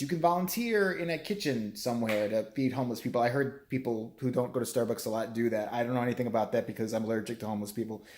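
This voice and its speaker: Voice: medium pitch, a little mellow. A middle-aged vlogger in a profane, sarcastic, rambling rant. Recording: roomy echo.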